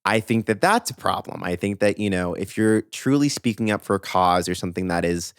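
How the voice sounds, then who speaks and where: A young man hosting a podcast, giving animated, opinionated commentary on pop music news with emphatic asides. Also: low voice, fairly quick, smooth, dry recording, studio quality. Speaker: podcast host.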